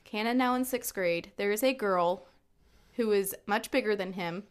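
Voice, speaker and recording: A woman's voice: medium pitch, normal speed, clean tone. A woman in her thirties co-hosting a casual podcast chat, telling stories animatedly and acting out the quotes. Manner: animated storyteller, acts out quotes. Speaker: podcast co-host.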